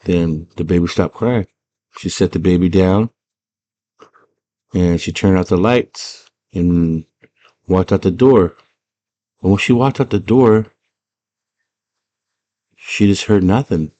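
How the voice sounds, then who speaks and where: A man in a casual, slangy movie recap, retelling scenes as an animated storyteller. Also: low voice, takes it slowly, pauses often. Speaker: movie fan retelling a film.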